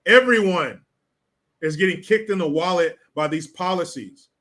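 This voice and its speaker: A man's voice: high-pitched, normal speed, a bit bright. A man hosting a casual political commentary livestream, sarcastic and blunt, swearing freely.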